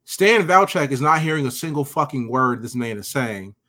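A man's voice: mid-range voice, expressive, normal speed, sharp tone. A man co-hosting a podcast, casually recapping scenes in a profane, joking way. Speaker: podcast co-host.

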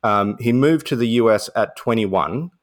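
A man co-hosting a casual film podcast, telling anecdotes in a relaxed way. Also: mid-range voice, unhurried. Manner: relaxed storytelling, uses "mate". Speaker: podcast co-host.

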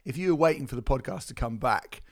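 Man, hoarse, croaky voice, middle-aged, podcast co-host, casual self-mocking banter. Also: mid-range voice, expressive, fast talker. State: hoarse, recovering from lost voice. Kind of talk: casual chat.

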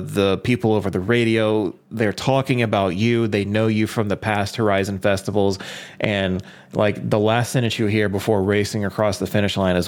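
A young man in casual gaming talk, getting excited and swearing freely, his voice leaping up when worked up. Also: lowish voice. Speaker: podcast co-host.

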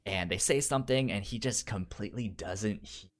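A podcast co-host chats casually about a show, stumbling over the starts of words and bursting out laughing as he retells scenes. His voice is fairly low and his pace moderate.

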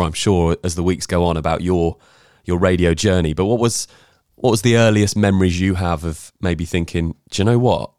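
A man's voice: sits low, a little mellow, no room sound, clean studio sound. A man hosting a podcast, asking long, friendly questions in a casual chat. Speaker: podcast host.

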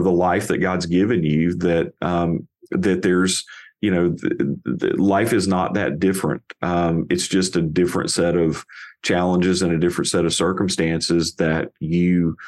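Deep-voiced guy hosting a podcast, kinda halting, searches for words. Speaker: podcast host. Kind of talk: casual podcast interview.

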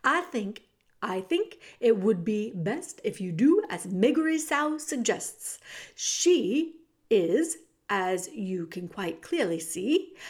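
Sly, mocking male rat villain from a storybook, read by a woman; smooth and coolly threatening. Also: medium pitch, darkish tone.

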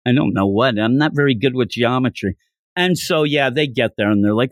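A man hosting a podcast, recapping a manga chapter in a jokey, animated way. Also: mid-range voice, brisk, no echo, studio quality. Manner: animated, jokey, laughs while retelling. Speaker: podcast host.

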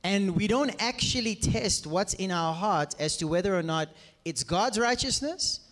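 High-voiced energetic preacher man, hall reverb. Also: normal speed. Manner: energetic, questions the audience, jokes. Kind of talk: teaching sermon to a congregation.

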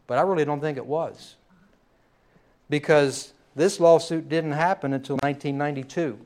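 A middle-aged man from the United States preaching a sermon in a folksy, conversational storytelling manner. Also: fairly high pitch. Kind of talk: sermon with a told joke.

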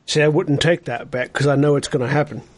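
Fairly high-voiced man chatting at a game. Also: steady tone, fast talker. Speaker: player. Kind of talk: casual chat during a tabletop game.

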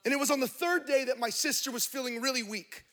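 High, bright-voiced preaching man. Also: fast. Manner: impassioned storytelling with quoted dialogue; preaches to a live congregation. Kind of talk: sermon.

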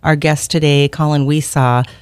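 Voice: mid-range voice, little pitch movement, normal speed, smooth, no room sound. Fifty-year-old host, rambling affirming questions. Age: 50s. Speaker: interview host.

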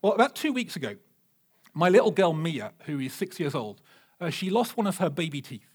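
A man, preaching a sermon with animated, humorous storytelling. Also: fairly high pitch, a little fast, slightly rough. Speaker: pastor.

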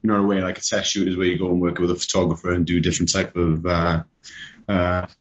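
A man with a Welsh accent, a guest on a podcast, chatting casually in a relaxed, unhurried way over a video call. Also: low voice. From Wales. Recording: dull lo-fi video-call audio.

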